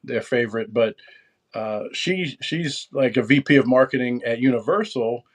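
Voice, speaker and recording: A man's voice: mid-range voice, normal speed. A middle-aged American man, a podcast guest, talking casually and rambling with many restarts and fillers. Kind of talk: casual chat.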